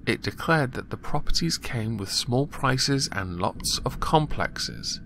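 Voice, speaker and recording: A man's voice: medium pitch, expressive, slow pace, gravelly, fairly bright tone, slight background noise. A man giving casual, mocking commentary on news stories, sarcastic and chuckling at his own jokes. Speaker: commentary vlogger.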